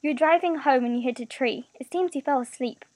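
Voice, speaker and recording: Woman reading as a soft-spoken caring young guy, higher-pitched voice, dry sound. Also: brisk, no room sound, close to an everyday voice. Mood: reassuring. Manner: soft, reassuring. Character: gentle kindly young man, a caring friend.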